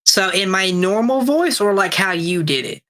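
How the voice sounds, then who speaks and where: A man's voice: sits high, expressive, normal speed, pushed and bright. A man co-hosting a podcast while sick, rambling casually with restarts and swearing. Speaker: podcast co-host. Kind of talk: casual chat.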